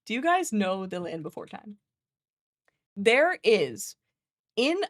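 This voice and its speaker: A woman's voice: medium pitch, no echo. Rambling, giggly woman streamer, dry mic. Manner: rambling, laughs often, swears freely. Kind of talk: casual chat.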